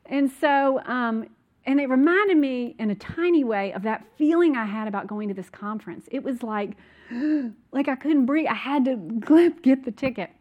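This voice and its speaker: A woman's voice: sits high, expressive, moderate pace, phone-quality sound. A woman telling personal stories in a casual, rambling way, full of fillers and asides. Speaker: speaker recounting a conference.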